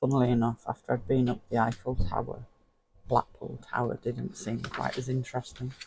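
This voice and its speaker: A man's voice: mid-range voice, monotone, a little fast, vocal fry, noisy background. A man, chatting casually to the viewer as he flips through an old magazine and chuckles often. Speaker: vlogger. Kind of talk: casual flip-through commentary.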